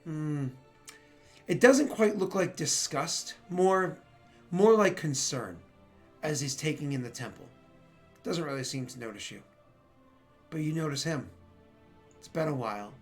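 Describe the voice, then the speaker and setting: A man's voice: fairly high pitch, expressive, measured pace, long pauses, soft background music. A man narrating a tabletop role-playing game as game master, casual and full of fillers and restarts. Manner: rambling with many fillers.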